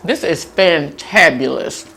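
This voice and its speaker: A woman's voice: takes it slowly, gravelly, a little hiss or hum. A woman hosting a mukbang video, chatting casually to viewers while eating and reading their comments aloud. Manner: laid-back with lively swoops of pitch. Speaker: mukbang vlogger.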